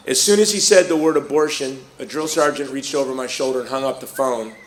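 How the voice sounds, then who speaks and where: A man's voice: medium pitch, a little fast, few pauses, roomy sound. A middle-aged man from Chicago telling a personal story to a live audience, acting out the people he quotes. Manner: lively storyteller who acts out quoted voices. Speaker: speaker.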